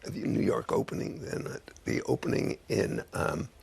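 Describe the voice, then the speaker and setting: A man in his eighties, a guest on a chat show, talking haltingly with many pauses to find his words. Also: on the low side, lively intonation, a little mellow. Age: 80s. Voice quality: gravelly, husky. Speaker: guest songwriter. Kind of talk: casual chat show interview.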